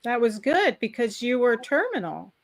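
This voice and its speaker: A woman's voice: fairly high pitch, sing-song, normal speed. A woman hosting an interview, reacting with interest and asking follow-up questions. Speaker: interview host. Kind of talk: casual interview chat.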